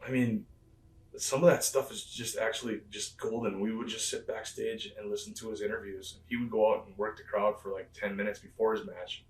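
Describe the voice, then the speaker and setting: Lowish man telling stories in a roomy space. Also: little pitch movement, a little fast, slight background noise. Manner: rambling anecdotes with frequent fillers and chuckles. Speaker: interview guest, former pro wrestler. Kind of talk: casual storytelling interview. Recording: roomy and distant from the mic.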